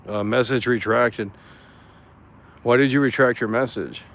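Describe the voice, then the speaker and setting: A man streaming live, chatting casually and reacting to chat in an excitable, profane way with frequent stammered restarts. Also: medium pitch, measured pace. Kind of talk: casual livestream commentary reading chat.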